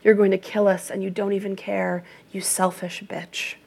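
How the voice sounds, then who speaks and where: A woman's voice: medium pitch, flat delivery, normal speed, vocal fry, darkish tone, husky. A woman voicing a volatile, controlling adult woman in an audiobook, with clipped, accusing and menacing lines.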